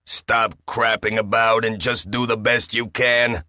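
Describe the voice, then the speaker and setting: A man voicing a bullying, smarmy talking machine, loud and peremptory with a slight accent. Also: fairly low pitch, little pitch movement, unhurried, dry recording, studio quality. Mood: bossy.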